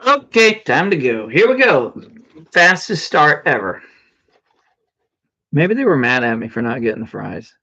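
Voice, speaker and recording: A man's voice: medium pitch, very animated, normal speed, creaky, long pauses, bright, forceful tone, husky, muffled recording. A man chatting casually during a live game stream, playfully over-dramatic and humming little tunes between lines. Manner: chatty, mock-dramatic, humming and singing sound effects. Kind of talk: casual live-stream chat while gaming.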